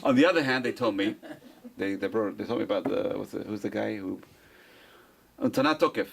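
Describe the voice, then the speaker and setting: A man's voice: fairly low pitch, brisk, creaky. A man, a rabbi, giving an informal Torah class, repeating phrases for emphasis and answering his own questions.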